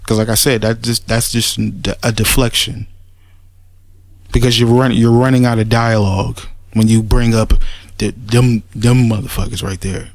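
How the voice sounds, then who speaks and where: This commentator's response-video rant is casual, blunt and full of profanity, delivered in a mid-range, level tone on a dry recording. Agitation makes him restart haltingly and repeat words.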